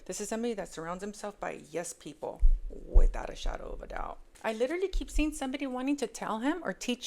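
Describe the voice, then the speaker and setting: A woman reading tarot cards in a casual, emphatic monologue. She repeats words for stress and swings between hushed asides and loud exclamations. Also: medium pitch, sing-song, quick pace, hardly any pauses. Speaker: tarot reader.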